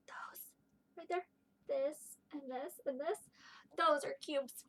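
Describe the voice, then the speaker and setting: A woman teaching a home video lesson to young children, playful and gentle, asking them questions as she works. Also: high voice, slow, long pauses. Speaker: kindergarten teacher.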